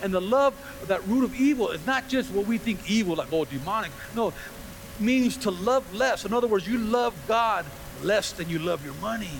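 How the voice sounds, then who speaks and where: A man pastor preaching a sermon to a congregation, animated, acting out quoted voices and firing rhetorical questions at the room. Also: high-pitched, normal speed, vocal fry, slight background noise. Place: church before a congregation.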